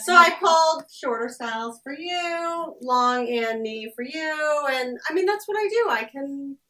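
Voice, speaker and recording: A woman's voice: sits high, expressive, a little slow, pushed and bright. A woman store owner chatting candidly and laughing easily. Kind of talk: casual chat. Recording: roomy and distant.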